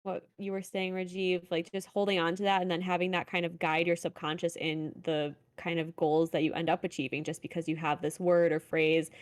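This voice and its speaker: A woman's voice: lowish voice, little pitch movement, a little fast, hardly any pauses. A woman co-hosting a podcast, giving earnest, encouraging advice in a casual chat. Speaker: podcast co-host.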